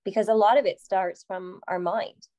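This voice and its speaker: A Canadian woman, a psychotherapist guest on a podcast, explaining things calmly and steadily. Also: medium pitch, normal speed. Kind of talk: explanatory conversation.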